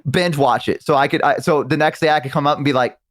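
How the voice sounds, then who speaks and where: Young man, rapid speech, casual chat, excitable storytelling, bursts of high-pitched impressions. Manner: excitable storyteller, acts out friends in quick high voices. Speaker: guest. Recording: live stream.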